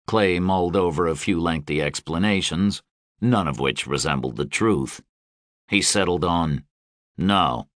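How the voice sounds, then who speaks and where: A man narrating a fantasy audiobook in a steady, even storytelling delivery. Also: deep voice, normal speed, no echo, clean studio sound. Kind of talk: scripted narration.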